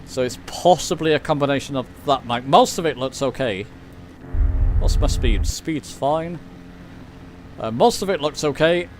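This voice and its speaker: A man's voice: medium pitch, animated, unhurried, darkish tone, a little hiss or hum. A man with an English accent giving casual live commentary while flying a simulator, chatty and self-deprecating as he answers his chat. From England. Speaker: flight sim streamer.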